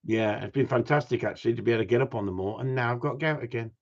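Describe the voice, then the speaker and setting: A man's voice: mid-range voice, racing. A man hosting a casual livestream, bantering with his viewers and laughing a lot. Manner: joking, banters with chat, frequent laughs. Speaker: livestream host. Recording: dull lo-fi stream audio.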